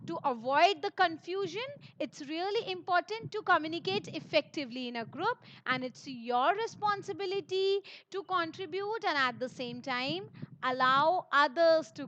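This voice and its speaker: An Indian English-accented woman teaches an online lesson, her very high voice bright with encouragement as she speaks straight to her students. The recording sounds dull and lo-fi. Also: slight background noise. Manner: upbeat, encouraging, addresses students directly.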